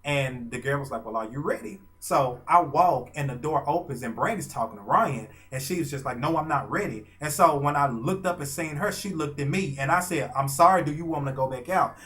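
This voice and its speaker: A man, telling a story in a casual, gushing way with dramatic pauses. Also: fairly high pitch, sharp tone. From Arkansas. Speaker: vlogger and fan.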